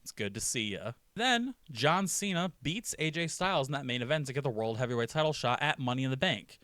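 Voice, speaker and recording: A man's voice: on the high side, animated, brisk, a bit bright, dry recording. A man giving casual, profane, jokey commentary on a wrestling storyline, acting out short quotes along the way.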